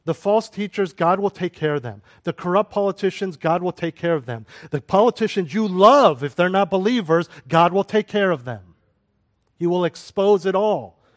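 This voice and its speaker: A middle-aged male pastor preaching a sermon to his congregation, swinging from loud exhortation to soft, quiet prayer. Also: high voice, animated, moderate pace.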